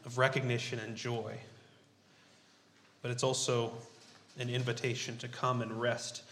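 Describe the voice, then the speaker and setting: A man's voice: medium pitch, flat delivery, fairly bright tone, slight background noise. Man preaching in an echoey room. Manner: unhurried, halting with frequent fillers. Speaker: pastor. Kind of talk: sermon with group scripture reading. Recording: roomy echo.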